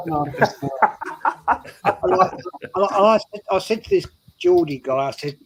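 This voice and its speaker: A man's voice: fairly high pitch, lively intonation, normal speed, pauses often, poor audio. A man telling a rambling story in casual chat, repeating his words as he goes. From England. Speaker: show regular. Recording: faint background noise.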